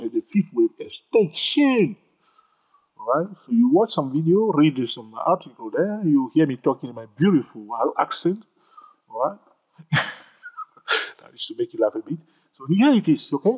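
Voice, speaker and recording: A man with a husky voice teaching a trading chart tutorial, animated, repeating himself and joking with viewers. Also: a little high, highs cut off. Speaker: trading instructor. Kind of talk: screen-recorded chart tutorial.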